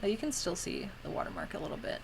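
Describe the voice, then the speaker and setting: A woman's voice: mid-range voice, wildly swooping pitch, fast talker, gravelly, background noise. A young woman streamer chatting casually while editing photos, giggly and tired, full of "like" with a Valley Girl lilt.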